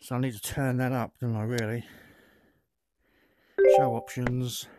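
Here a VR gaming creator speaks a little slowly in a level, mid-range male voice, casually narrating his play and thinking out loud about settings. Recorded on the built-in headset mic, the voice sits under loud crowd noise and bat clicks from the cricket game.

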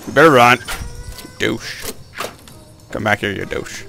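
Gamer guy, let's play commentary, gravelly, game music behind him. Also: mid-range voice, unhurried, pauses often. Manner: excitable, yelps and grumbles at the game.

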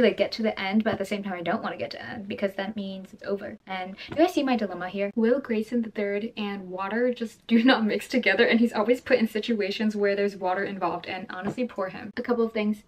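A woman chatting casually in a reading vlog, gushing and excitable, often restarting her sentences. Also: medium pitch. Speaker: book vlogger.

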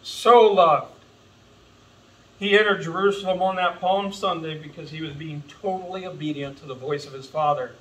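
A man's voice: on the high side, moderate pace, a bit bright, distant mic, poor audio. A man preaching an earnest, impassioned sermon as pastor, calling his listeners folks. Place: church sanctuary.

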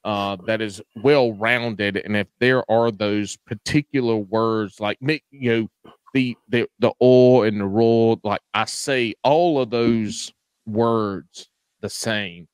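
A man's voice: fairly low pitch, fairly even intonation, clean tone, no room sound. A man hosting a podcast, chatting casually with a guest in a rambling, joking, profane way. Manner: drawn-out stalling in its phrasing. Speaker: podcast host. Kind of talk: casual interview chat.

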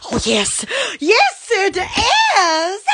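A woman's voice: extremely high pitch, wildly swooping pitch, drawn-out words, noisy background. A woman hosting a casual live stream from her phone at home, gushing, laughing often and exclaiming over and over. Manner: repeated exclamations. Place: indoors at home.

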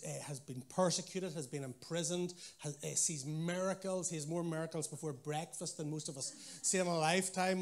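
A man preaching a sermon, telling stories with animation and acting out what people said. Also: a little high.

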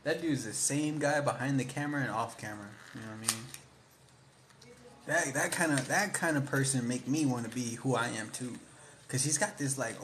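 A man's voice: medium pitch, background noise. A young man in casual chat, rambling in slang about favorite movies and mimicking lines he likes. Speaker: vlogger.

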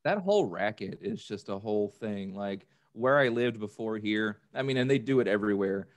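A man co-hosting a podcast, chatting in a relaxed, rambling way. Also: fairly low pitch, moderate pace. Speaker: podcast co-host. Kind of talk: casual chat.

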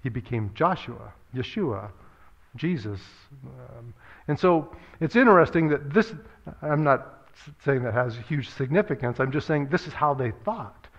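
A man's voice: on the high side, lively intonation, normal speed, lo-fi sound. A man preaching a sermon as pastor, earnest and conversational, often repeating words and using fillers as he works through a point.

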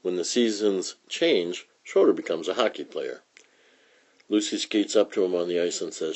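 A man reads a comic book aloud for young children in a relaxed storytelling manner. His voice is low and deep, with a husky grain. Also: normal speed. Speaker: reader. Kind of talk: children's read-aloud narration.

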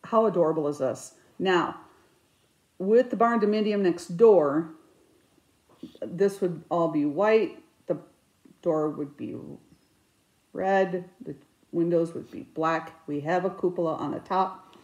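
A woman with a lowish voice talks about her stitching, chatty and rambling. She now and then bursts into animated outbursts. The room around her sounds echoey. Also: takes it slowly, pauses often, highs cut off. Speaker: cross stitch vlogger. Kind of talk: casual chat.

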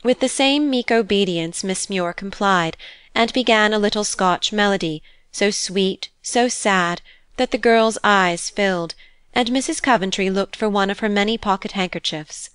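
A woman narrating a classic novel as an audiobook in a measured, expressive reading. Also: mid-range voice, clean tone, dry recording. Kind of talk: scripted narration.

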